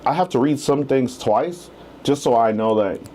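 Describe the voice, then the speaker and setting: A man in his thirties, a real estate agent and podcast guest, telling his story in a casual, animated way and acting out the quotes. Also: medium pitch, normal speed, slight background noise.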